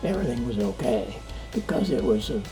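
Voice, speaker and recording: With soft music in the background of his home studio, an older sound engineer tells stories in a casual interview. He speaks briskly in a mid-range voice, bringing the tales to life by acting out the quoted dialogue.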